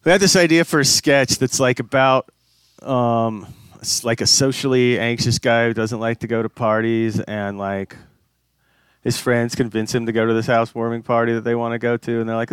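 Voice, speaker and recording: A man's voice: mid-range voice, little pitch movement, normal speed, smooth, dry recording, studio quality. A young man co-hosting a casual comedy podcast, rambling through a story with plenty of fillers and casual swearing. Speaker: podcast co-host.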